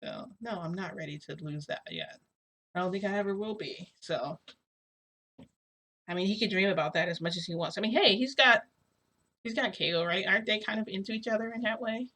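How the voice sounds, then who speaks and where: A woman's voice: medium pitch, brisk, bright, forceful tone. A woman vlogger casually retelling a story in a rambling way, full of fillers. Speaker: shifting vlogger.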